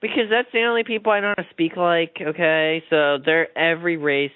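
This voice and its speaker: A man's voice: fairly high pitch, steady tone, fairly quick, clean tone, no room sound. Crude clowning male co-host. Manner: crude, clowning, feigned ignorance. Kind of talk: casual comedy podcast banter. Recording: dry, tinny lo-fi sound.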